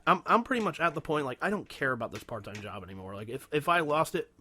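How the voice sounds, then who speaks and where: A man's voice: fairly high pitch, big pitch swings, quick pace, sharp tone, slightly rough. A young man co-hosting a podcast, telling a long workplace story in casual, profane chat with many restarts. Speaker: podcast co-host.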